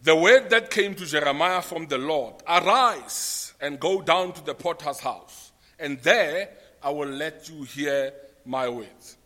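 A man's voice: on the high side, takes it slowly, sharp tone, in a large hall. A man with a South African accent preaching a sermon, spelling out his points and repeating them for note-takers. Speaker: pastor.

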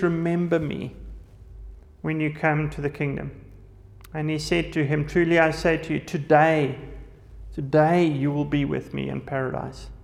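A man's voice: high-pitched, in a large hall. A man preaching a sermon, reading scripture aloud and then explaining it with verse references.

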